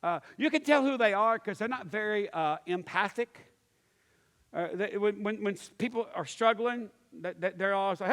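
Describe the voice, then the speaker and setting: A man's voice: high voice, animated, moderate pace, fairly bright tone. A male pastor teaching a church class, telling stories and acting out the voices in them, with many restarts and fillers. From Pittsburgh area. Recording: long hall reverb.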